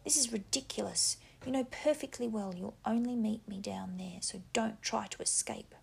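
Sneering schoolmasterly pig's head on a stick, as a woman puts it on, whispered reading, heavy fry. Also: medium pitch, normal speed, heavily acted. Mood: menacing. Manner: taunting, patronizing, rising to angry threats. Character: menacing talking pig's head, mocking schoolmaster.

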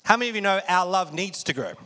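High bright-voiced preaching man. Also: quick pace. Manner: energetic preaching, call-and-response with congregation. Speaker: pastor. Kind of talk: sermon. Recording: long hall reverb.

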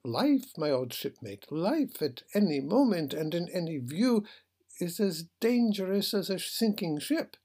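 A man with a husky voice reading the part of a calm, philosophical ship captain who reasons gently. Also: high voice, measured pace, pitched above the performer's own voice, heavily acted. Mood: serene.

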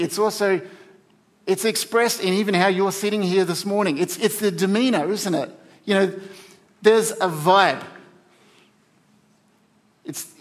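Male pastor, high register, relaxed joking sermon delivery in a church. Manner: chatty, joking asides with the congregation. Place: church hall.

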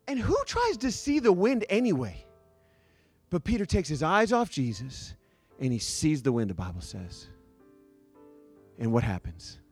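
A male pastor preaching a sermon as a lively, joking storyteller who acts out the scenes he describes. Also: a little high, measured pace, breathy edge, faint music behind.

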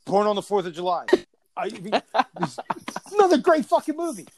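A man co-hosting a podcast, telling stories in a profane, animated way in casual chat. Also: sits high, normal speed, background noise. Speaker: podcast co-host.

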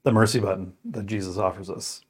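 A man with a somewhat low voice who prays, reads scripture and reflects in an earnest, thoughtful way. He talks with pauses and restarts as he works through his thoughts. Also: husky. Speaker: co-host of a scripture podcast. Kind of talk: prayer, scripture reading and casual reflection.

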